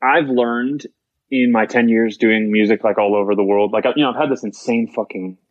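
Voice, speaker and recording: Low-voiced man in rambling casual chat. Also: fairly even intonation, moderate pace, no room sound, muffled recording. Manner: rambling, swears freely, repeats "like". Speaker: musician guest.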